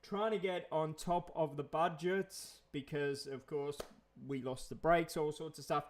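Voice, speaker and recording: Host, male, slightly high voice, winded and fluey, casual rambly live-stream chat. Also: steady tone, unhurried, slight background noise. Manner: rambling, with many fillers and restarts. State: out of breath from flu. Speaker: channel host.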